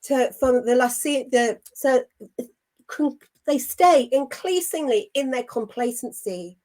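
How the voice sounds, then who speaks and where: A woman's voice: high voice, mellow. A middle-aged woman co-hosting a Christian show, speaking earnestly and with indignant emphasis. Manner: emphatic and indignant, with measured phrasing. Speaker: co-host of a Christian online show. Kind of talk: earnest spiritual talk.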